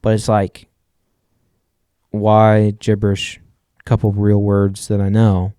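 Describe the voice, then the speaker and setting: A man's voice: fairly low pitch, monotone, slow pace, dark tone, clear, resonant tone, no room sound, clean studio sound. A man co-hosting a podcast, arguing his point insistently in casual chat and restarting his sentences. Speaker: podcast co-host.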